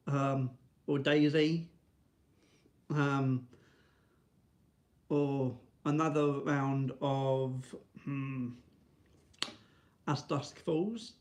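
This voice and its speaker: A man's voice: steady tone, very slow, pauses often, darkish tone. A man rambling to camera in a casual vlog, restarting often and tagging lines with "right?". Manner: high sing-song baby talk to his dog. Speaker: vlogger.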